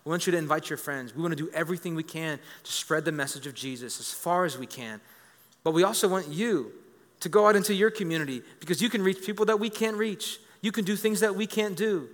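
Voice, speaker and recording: A man in his thirties preaching a lively sermon as a pastor, joking with the congregation and repeating words as he builds a point. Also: a little high, quick pace. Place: church. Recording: reverberant church hall.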